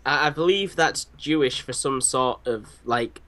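A man's voice: medium pitch, unhurried, background noise. A man commenting on a game in casual chat, joking and giggly, swearing freely.

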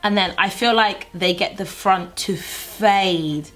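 A woman's voice: medium pitch, unhurried, a bit bright, soft background music. A young woman chatting in a bubbly, playful way as she walks through a makeup tutorial for her channel. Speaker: beauty vlogger. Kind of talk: casual makeup tutorial chat.

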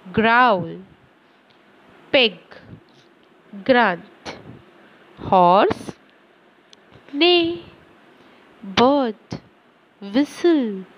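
A woman teacher giving a slow, deliberate lesson to children, reading words out one by one. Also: fairly high pitch, highs cut off. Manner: slow and deliberate, reads word lists aloud; addresses children directly.

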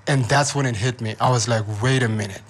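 A man from Namibia speaks as a guest in a radio studio, recounting his past in a relaxed, rambling way. His voice sits at a middling pitch, and his talk is full of slang, fillers and words said twice over. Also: fast, breathy edge. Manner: loose, slangy storytelling with many fillers and repeated words. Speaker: guest, rapper turned preacher. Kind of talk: casual radio interview storytelling.

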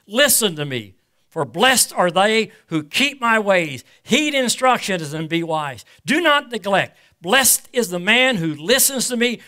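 A male pastor with a high, bright, ringing voice preaches a sermon. He reads scripture in slow, weighty swells and keeps asking the congregation questions. When he turns to personal stories he stumbles and repeats himself. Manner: preaches in swells, reading scripture slowly and emphatically; asks the congregation rhetorical questions.

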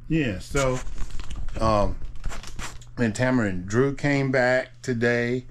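A man's voice: mid-range voice, slow, a little hiss or hum. A man, chatting casually and laughing easily as an RV travel vlogger. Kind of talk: casual chat to camera.

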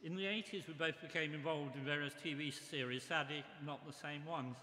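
An older man giving a memorial tribute speech, reminiscing in a measured way. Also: on the high side, steady tone, bright, forceful tone. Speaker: memorial speaker. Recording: echoey hall with long reverb.

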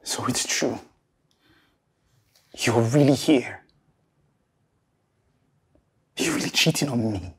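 An actor playing a jealous, threatening jilted man who shouts accusations in a film. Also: medium pitch, a little slow, breathy edge. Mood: furious. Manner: shouting accusations, then pleading. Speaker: jealous ex-partner. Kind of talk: film acting.

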